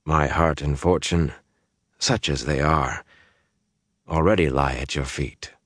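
A man voicing an earnest, gently wry young man in an audiobook, with a quiet, earnest manner. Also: very deep voice, fairly even intonation, slow pace, no room sound, clean studio sound, exaggerated voice. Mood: calm.

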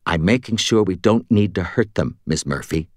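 A man voicing an earnest young female wizard apprentice in an audiobook, raising his pitch for her. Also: animated, normal speed, no room sound, clean studio sound. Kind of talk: audiobook character reading.

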